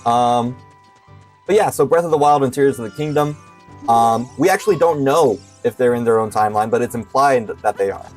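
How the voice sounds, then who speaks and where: A man's voice: mid-range voice, normal speed, a little mellow, soft background music. Young man streaming a game, hesitant. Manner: hesitant, many fillers. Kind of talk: casual gameplay commentary.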